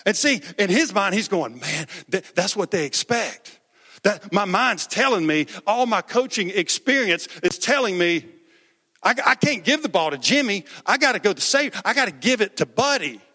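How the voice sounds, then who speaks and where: With a high, pushed, bright voice and lively intonation, a pastor preaches at a moderate pace. He addresses the congregation conversationally, asking questions and repeating words, while the hall echoes.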